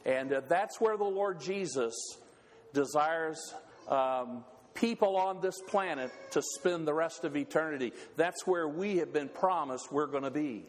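Preacher guy, kinda high voice, halting and earnest, big church echo. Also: a little hiss or hum. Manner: halting, restarts with fillers, earnest. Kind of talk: sermon. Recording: long reverb of a church hall.

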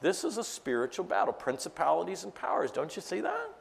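A middle-aged man preaching a sermon to a live audience. He swings between loud, emphatic preaching and quiet, chatty storytelling asides. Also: sits high, wildly swooping pitch, brisk, gravelly, husky, long reverb tail. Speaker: pastor.

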